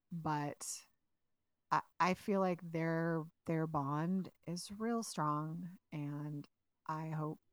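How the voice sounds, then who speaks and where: A woman co-hosting a casual recap podcast, retelling scenes in an animated way and acting out the lines. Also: lowish voice, no room sound. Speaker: podcast co-host.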